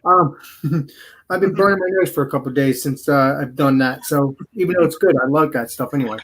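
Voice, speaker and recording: A man's voice: a little high, a little fast, crowd noise. Rambling male host of a casual food show. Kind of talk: casual online food and beer show chat.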